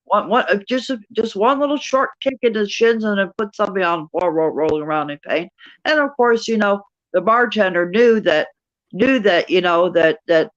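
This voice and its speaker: A woman's voice: medium pitch, normal speed, no echo. Rambling woman on a dull call line. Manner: rambling, repeats words often. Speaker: guest on a live stream. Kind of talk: casual chat.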